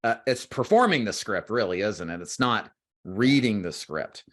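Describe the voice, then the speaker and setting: A man with a low, deep voice hosts a sales-training interview over a video call. He talks in long explanatory stretches and turns to address the viewers directly. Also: animated, moderate pace, fairly bright tone. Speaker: host and agency owner. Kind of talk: interview for a recruiting livestream.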